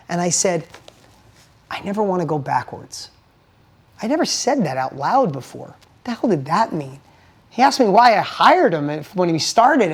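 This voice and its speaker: A middle-aged man, a motivational speaker, tells a personal story with emphatic swings from hushed to loud, swearing for emphasis. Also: high voice.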